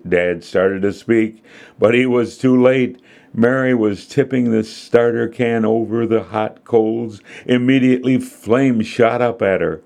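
Slow, gravelly male storyteller. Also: deep voice, a little mellow. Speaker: host and narrator. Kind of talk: scripted children's devotional narration.

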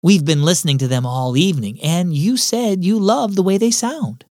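A man voicing a kindly mother who speaks softly and reassuringly to her daughter. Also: high voice, normal speed, no room sound, studio quality, lightly acted. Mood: gentle. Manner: soft, reassuring.

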